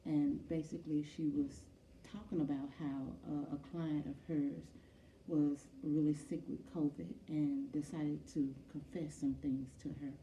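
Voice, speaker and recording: A woman's voice: low voice, level tone, unhurried, warm tone, slight background noise. A woman vlogger earnestly retelling a story to her viewers with frequent fillers. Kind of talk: casual talk to camera. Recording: echoey room, from far off.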